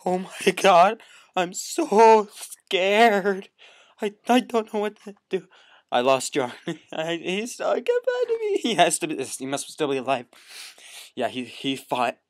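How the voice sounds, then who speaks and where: A man's voice: on the high side, huge pitch swings, unhurried, dry recording, studio quality. Screaming, whispering man in homemade horror. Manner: swings between screaming and whispering. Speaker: lead of a homemade horror film. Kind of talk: improvised found-footage horror acting.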